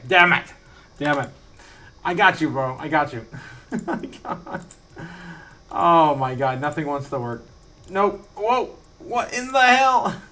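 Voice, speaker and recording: A man with a slightly high, sharp-toned voice hosts a casual live stream from his home studio, reading out viewer messages. He rambles, laughs often, and fills his talk with fillers and restarts.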